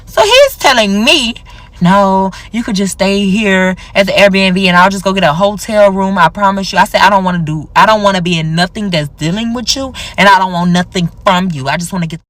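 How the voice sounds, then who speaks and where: A woman's voice: fairly quick, no echo. A young woman telling a personal story casually, acting out the dialogue with big jumps in her voice. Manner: animated, acts out quoted dialogue with big pitch jumps.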